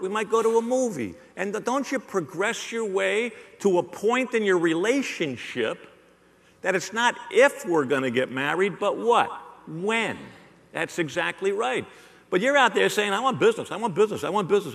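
Lively middle-aged man giving a sales keynote. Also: high-pitched. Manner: animated, joking, rhetorical, works the audience. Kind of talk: live motivational keynote. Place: large hall with a live audience. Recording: long hall reverb.

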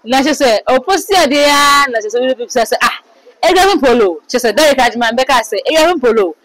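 A woman with a Ghanaian accent runs through celebrity gossip in a casual, animated way. Her voice sits a little high. She throws herself into the quotes and comments she reads out. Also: a little fast, slight background noise, low-quality recording. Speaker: entertainment commentator.

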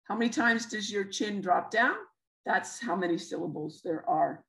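Canadian woman, educator presenting a webinar, mid-range pitch, patient explanations full of fillers. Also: normal speed, vocal fry, fairly bright tone, rough recording. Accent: Canadian English. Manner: explanatory, many fillers and restarts.

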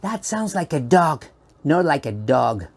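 A children's performer tells a playful story directly to an unseen young audience, teasing them and making a show of building suspense. Her voice is medium-pitched with big pitch swings, a little slow, creaky with a breathy edge, and has no room sound.

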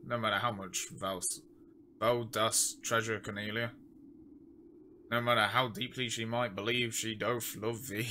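A man voicing a pompous, scheming stage king in theatrical old-fashioned English, slightly higher than his own voice. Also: pushed and bright, a little hiss or hum. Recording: game music underneath.

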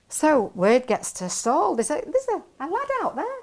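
A woman's voice: high voice, wildly swooping pitch, moderate pace. A woman preacher, retelling a Bible story and acting out what its characters say.

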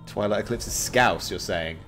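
A man's voice: fairly low pitch, moderate pace, a bit bright, faint music behind. A male streamer chatting casually while gaming and laughing often.

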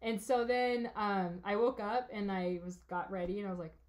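Animated woman guest telling a story. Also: medium pitch, normal speed. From California. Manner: animated storyteller, acts out her own thoughts, laughs often. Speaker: podcast guest. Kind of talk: casual podcast interview.

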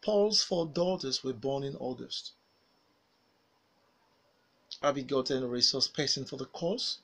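A man teaching phonics, saying single words and sentences slowly and carefully for learners to repeat. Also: medium pitch, expressive, pushed and bright, rough recording. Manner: slow, carefully enunciated single words with pauses for repetition. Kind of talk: pronunciation drill lesson.

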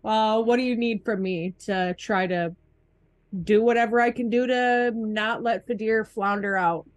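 A woman playing in a tabletop game over an online call, chatting casually and asking quick rules questions. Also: on the high side, steady tone, no room sound. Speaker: player.

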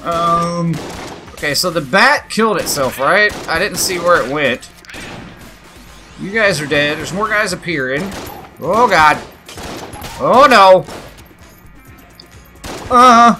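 A man giving excitable let's play commentary, yelping, swearing and cheering at the game as he plays. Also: on the high side, unhurried, over music. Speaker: gaming channel host.

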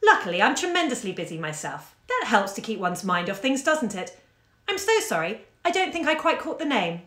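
A woman playing a calm, courteous wife, pleasant, unhurried, echoey room. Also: a little high. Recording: roomy echo.

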